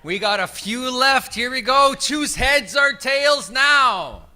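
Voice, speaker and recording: Male emcee, high bright voice, slow and lively delivery, crowd instructions in a big hall. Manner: calls out instructions to a crowd, sometimes shouting. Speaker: event emcee. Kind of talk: leading a crowd game at a summit. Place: large indoor event hall.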